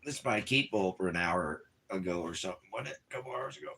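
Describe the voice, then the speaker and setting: Man, very deep voice, casual vlog talk, rambling, halting, repetitive. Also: lively intonation, creaky, pushed and bright, breathy edge. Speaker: vlogger. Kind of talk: casual chat.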